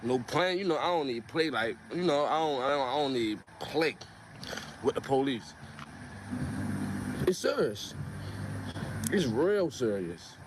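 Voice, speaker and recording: A man's voice: mid-range voice, lively intonation, unhurried, long pauses. Earnest man in a noisy car clip. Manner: earnest, repeating himself. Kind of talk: casual talk to a streamer.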